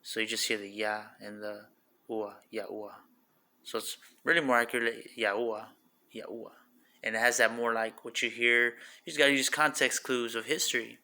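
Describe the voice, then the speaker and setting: Man, casual religious teaching, bright sharp tone, fairly flat pitch, rambling, filler-heavy, repeats words to sound them out. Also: a little fast. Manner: filler-heavy, says like and you know often.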